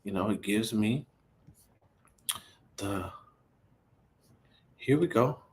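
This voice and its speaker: A man hosting a casual sports talk livestream, animated and incredulous, repeating himself as he gets worked up. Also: drawn-out words. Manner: animated, incredulous, repeats himself, rising pitch when riled up. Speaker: host of a sports talk stream.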